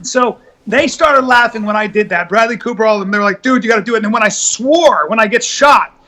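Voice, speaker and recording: A man guesting on a podcast over a video call, telling stories in an animated rush. His voice sits very high and bright, and he keeps restarting his sentences. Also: brisk. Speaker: guest comedian. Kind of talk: casual podcast chat.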